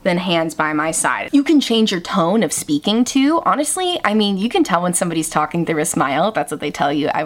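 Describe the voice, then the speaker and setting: A young woman talks through a solo podcast episode in a candid, reflective way. She has a fairly low voice that jumps up in pitch when she gets animated, and she leans on casual fillers. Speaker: podcast host.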